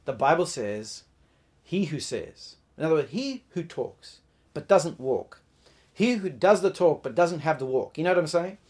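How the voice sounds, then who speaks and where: A man's voice: a little high, lively intonation, moderate pace, a little mellow, slightly rough. A man preaching a sermon, emphatic, often restarting words and putting questions to his listeners.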